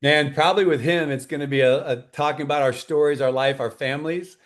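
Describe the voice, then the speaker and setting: A man, a life coach and pastor, talking as a guest in an interview in an earnest, animated way. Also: a little high, quick pace. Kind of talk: enthusiastic interview talk.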